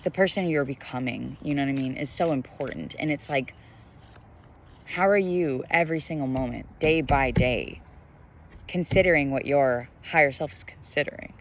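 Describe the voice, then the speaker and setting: A man's voice: mid-range voice, moderate pace, slight background noise. A young man giving a casual collective tarot reading to camera, rambling with lots of fillers and spiritual musing. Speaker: tarot reader. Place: indoors, bright sky glowing behind them. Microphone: camera facing the speaker.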